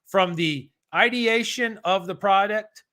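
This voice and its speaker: A man coaching exam prep on a live stream, energetic and slangy, chatting with viewers as he works through a question. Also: high-pitched, takes it slowly.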